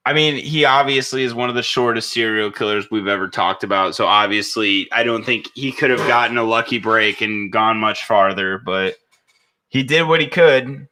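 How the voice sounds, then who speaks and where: Young male co-host, bright forceful voice, rambling profane banter. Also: on the low side. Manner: rambling, profane, halting restarts. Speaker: podcast co-host. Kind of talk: casual crude chat.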